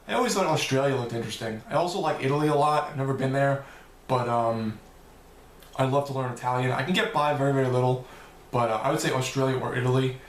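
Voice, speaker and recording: A man's voice: medium pitch, fast talker, reverberant, slight background noise. A man answering viewer questions in a loose, rambling vlog, swearing now and then. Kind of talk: casual Q&A vlog.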